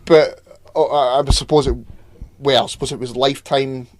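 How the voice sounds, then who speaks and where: A man's voice: mid-range voice, steady tone, normal speed, slight background noise. A man co-hosting a podcast in casual chat, rambling off topic, laughing often and swearing offhandedly. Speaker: podcast co-host.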